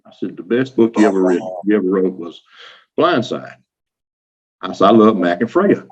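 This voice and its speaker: A man's voice: fairly low pitch, expressive, moderate pace, slightly rough. A man from Louisiana with a Southern accent, chatting as an interview guest and acting out what people said, laughing often. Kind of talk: casual storytelling. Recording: dull lo-fi audio.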